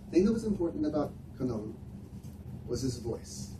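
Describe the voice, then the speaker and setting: A man giving an earnest, reflective talk with personal stories to volunteers, speaking unhurriedly with frequent pauses. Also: a little high, sing-song. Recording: echoey room, heard from a distance, noisy.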